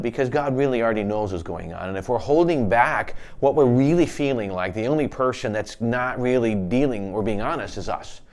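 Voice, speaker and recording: A man pastor giving a devotional sermon, reading scripture aloud and speaking earnestly, turning soft and pleading when he voices prayers. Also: medium pitch. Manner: earnest devotional teaching, reads scripture aloud in King James wording.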